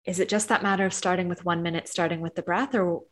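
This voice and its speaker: A woman's voice: fairly low pitch, steady tone, fast. A woman hosting a podcast interview, asking thoughtful, searching questions. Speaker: podcast host. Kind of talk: interview conversation.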